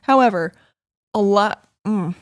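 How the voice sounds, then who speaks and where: A woman's voice: medium pitch, clear, resonant tone, no echo, studio quality. Chatty young woman, faint southern-tinged twang. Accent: slight Midwestern with a southern tinge. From Indiana, USA. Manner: chatty, rambling, laughs easily, quick asides. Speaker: podcast co-host. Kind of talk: casual chat.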